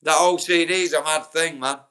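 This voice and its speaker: A man's voice: fairly high pitch, fairly even intonation, moderate pace, pushed and bright, clear, resonant tone. A young man with a Yorkshire accent, chatting bluntly and swearing on a livestream, answering viewers by name. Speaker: livestream host. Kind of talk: casual livestream chat.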